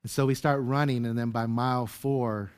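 A man's voice: medium pitch, fairly even intonation, moderate pace, darkish tone, clean tone. A male pastor giving a conversational sermon, telling a personal story in an informal manner and addressing listeners as beloved.

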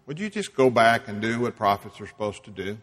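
A man's voice: on the low side, sing-song, fairly quick, fairly bright tone. A man voicing God as a blunt male voice urging a prophet back to work, in a reverberant hall.

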